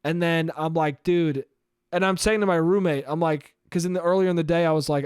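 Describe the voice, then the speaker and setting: A young man hosts his podcast alone, telling a long story in a loose, animated way, swearing freely and acting out his own thoughts as he goes. His voice sits a little high for a man. The sound is close and dry, with no room around it. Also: fairly quick, clear, resonant tone, no echo. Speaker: podcast host. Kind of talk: casual storytelling monologue.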